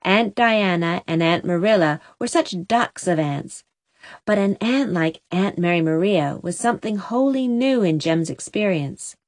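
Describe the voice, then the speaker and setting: A woman narrating a storybook chapter in a steady, expressive reading. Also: on the low side, unhurried, dry recording. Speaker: audiobook narrator.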